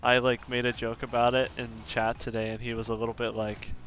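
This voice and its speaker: Bright-voiced male game streamer. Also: medium pitch, fairly quick, slight background noise. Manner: relaxed, chuckles often, reads out viewer requests. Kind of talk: casual live-stream chat while gaming.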